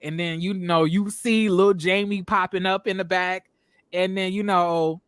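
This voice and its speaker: A man hosting a casual review show, talking in an animated, emphatic way and acting out what people on the show said. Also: high voice, measured pace, clean tone, no echo. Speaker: show host reviewing reality TV. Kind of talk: casual commentary.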